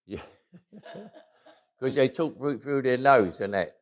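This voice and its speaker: A man's voice: lowish voice, expressive, takes it slowly, long pauses. An older man with a Cockney accent, telling stories from his life in an interview, often chuckling and restarting phrases. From England. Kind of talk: reflective interview storytelling.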